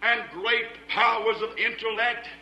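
Fiery male preacher, high and sharp, loud rhythmic repetition, echoey room. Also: level tone, a little slow, highs cut off. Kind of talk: fiery shouted sermon.

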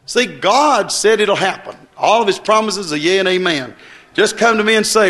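Folksy high-voiced preacher. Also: male voice, normal speed. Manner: folksy and excitable, swinging between loud bursts and soft asides. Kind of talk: sermon.

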